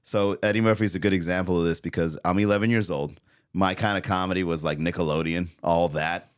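Male comedian guest, low-ish voice, loose rambling casual talk. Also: fairly even intonation, a little fast, clear, resonant tone. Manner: rambling with many fillers and restarts. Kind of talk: casual podcast chat.

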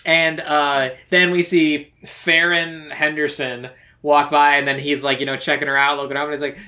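Bright-voiced man retelling a movie plot. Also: fairly high pitch, flat delivery, normal speed. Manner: rambling retelling with fillers and quoted dialogue. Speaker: podcast co-host. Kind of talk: casual movie recap chat.

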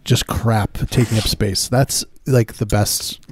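A man's voice: fairly low pitch, steady tone, takes it slowly, a little hiss or hum. A man co-hosting a casual comedy podcast, laid-back with a dry sense of humor. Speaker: podcast co-host.

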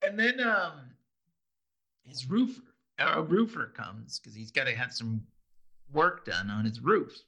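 A man's voice: medium pitch, sing-song, unhurried, vocal fry, pushed and bright. A man co-hosting a podcast, animatedly retelling TV scenes in casual chat and acting out the quotes. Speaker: podcast co-host.

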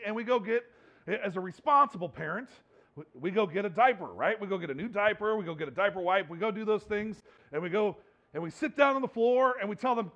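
High-voiced animated male pastor preaching. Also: fast, lo-fi sound. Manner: animated, acts out playful voices and rising exhortations. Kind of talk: sermon.

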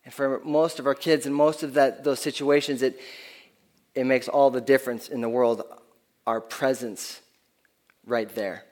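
A man's voice: mid-range voice, fairly even intonation, unhurried, long pauses, a little mellow. A man preaching a sermon in an earnest, conversational way, often restarting his phrases, who speaks of his own kids. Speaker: pastor.

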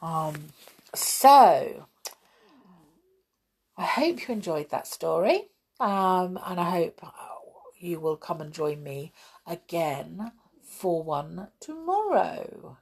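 A woman reads a children's story aloud, gentle and expressive. Her voice is low, slow and husky, and she takes her time over each line. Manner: gentle, expressive, with soft laughs.

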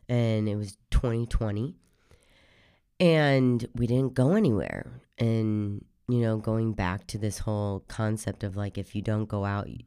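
Slow, hoarse woman host. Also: extremely low pitch, mellow, dry recording, studio quality. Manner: chatty, rambling asides. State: hoarse from a cold. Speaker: podcast host. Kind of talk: casual podcast intro monologue.

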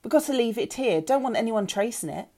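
A woman's voice: a little high, animated, fairly quick, pitched above the performer's own voice. A woman reading a snappish bossy female crook. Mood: shouting. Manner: shouting, snapping. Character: sharp, bossy adult female criminal.

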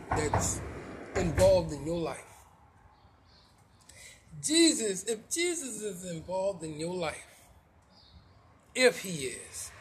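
A man's voice: high voice, a little hiss or hum. A man preaching informally, firing rhetorical questions, restarting phrases and dropping slangy asides.

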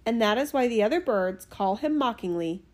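A woman reading a fairy tale aloud in an expressive, animated storytelling manner. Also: a little high, moderate pace.

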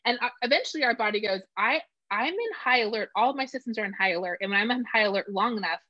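A woman's voice: a little high, fast, no echo. A middle-aged woman in casual conversation, talking animatedly and acting out quoted voices. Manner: animated, acts out voices when quoting. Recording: dull lo-fi sound.

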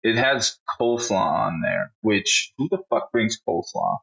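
Low, bright-voiced profane podcast guy. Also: wildly swooping pitch, a little slow, vocal fry, dull audio. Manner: profane, blunt, reads out a list. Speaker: podcast co-host. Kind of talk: casual podcast chat.

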